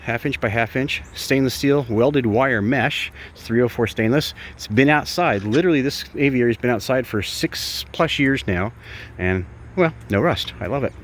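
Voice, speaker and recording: A man's voice: normal speed, slight background noise. Chatty man narrating outside by birds. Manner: chatty, baby-talks to birds in a high voice. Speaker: bird sanctuary keeper. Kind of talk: casual vlog narration. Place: outdoor aviary.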